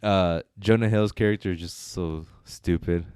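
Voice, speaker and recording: A man with a low, smooth and resonant voice talks loosely through a film review, and he often circles back with fillers and restarts. The sound is dry and close, with no room echo. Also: moderate pace, a little mellow. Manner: rambling, hesitant, many fillers and restarts. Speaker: podcast co-host reviewing films. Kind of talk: casual chat.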